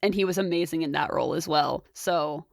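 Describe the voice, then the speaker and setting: A woman's voice: low-pitched, brisk, gravelly, no room sound, studio quality. A young woman co-hosting a podcast, chatting casually and retelling scenes with lots of laughter. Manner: giggly, animated retelling. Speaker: podcast co-host. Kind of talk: casual chat.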